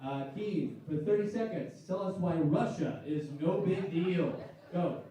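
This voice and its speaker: A man hosting a live comedy game show, hyping the crowd loudly and running the contestants through each round. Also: high-pitched, measured pace. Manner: loud, hyped crowd-working. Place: comedy club stage. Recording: echoey club room, far mic, crowd. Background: audience laughing and cheering.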